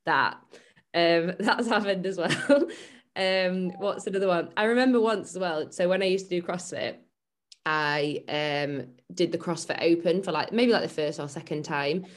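A woman's voice: lowish voice, moderate pace. A woman co-hosting a casual fitness chat, telling stories and laughing often. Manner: chatty storytelling, laughs often. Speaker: podcast co-host and fitness coach.

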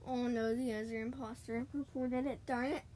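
A woman chatting casually while she plays a video game, excitable and talking straight to her listeners. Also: fairly high pitch, normal speed, a little hiss or hum. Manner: chatty and excitable, keeps addressing "guys". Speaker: gaming podcaster. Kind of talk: casual gaming commentary.

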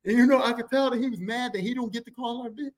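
A man telling a family story on his podcast, profane, slangy and animated. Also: extremely high pitch, racing. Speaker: podcast host. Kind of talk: comic storytelling.

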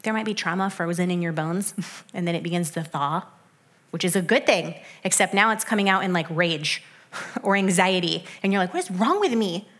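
A young adult woman giving a sermon in a conversational way, with animated asides that drop into soft, hushed stretches. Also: lowish voice, moderate pace.

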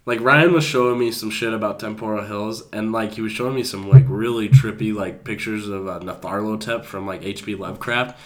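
A man's voice: fairly low pitch, fairly quick, hardly any pauses. Rambling young man telling a story. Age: young adult. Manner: rambling, animated storytelling with many fillers and acted-out quotes. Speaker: podcast co-host. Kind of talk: casual chat.

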